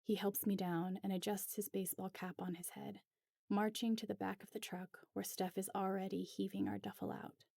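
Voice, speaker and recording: A woman reading a story aloud as narrator in a measured, reflective way. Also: medium pitch, fairly even intonation, gravelly, dark tone, no echo, clean studio sound. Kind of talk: reading fan fiction aloud.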